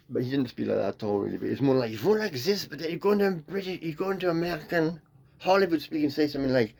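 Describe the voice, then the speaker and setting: A man's voice: mid-range voice, fast, vocal fry, a little mellow. Rambling comic man. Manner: free-associating, playful, jumps between tangents. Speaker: comedian.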